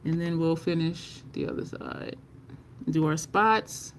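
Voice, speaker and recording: A chatty makeup livestreamer talks to viewers while applying a look, at a middle pitch. The talk is loose and unscripted, full of laughter and quick replies to the chat, with a swear word dropped in here and there. A faint hum of noise sits behind the voice. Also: big pitch swings, creaky. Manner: curses casually in conversation.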